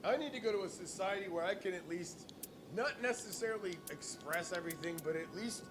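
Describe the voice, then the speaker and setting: A man ranting in a casual vlog, swearing constantly and jumping between topics with animated energy. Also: high voice, a little fast. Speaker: vlogger. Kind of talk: profane casual rant. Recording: clear music playing behind.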